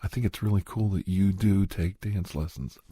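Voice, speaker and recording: A cheerful young woman on the dance floor, friendly and chirpy, as a man puts her on in a whispered role-play. The voice stays low and husky, with a dry, close sound. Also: moderate pace, dark tone, no room sound.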